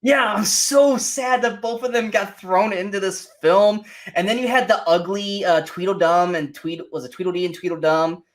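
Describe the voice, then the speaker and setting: A man co-hosting a casual movie review show, animated and mocking, often acting out quotes from scenes. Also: sits high, moderate pace, few pauses. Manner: animated, mocking, acts out quotes in silly voices. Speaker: podcast co-host.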